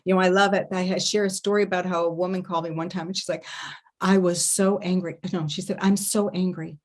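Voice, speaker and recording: A woman giving an online festival talk as an intimacy coach, expressive, humming and acting out little sounds to demonstrate her points. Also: fairly low pitch, fast. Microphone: online video talk.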